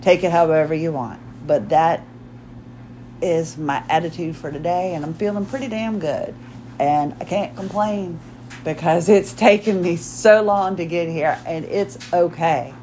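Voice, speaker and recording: A woman's voice: fairly low pitch, unhurried, warm tone, a little hiss or hum, poor audio. Chatty rambling woman podcaster in her forties. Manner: chatty and rambling, with frequent restarts and acted-out quotes. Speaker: podcast host. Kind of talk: casual solo podcast chat.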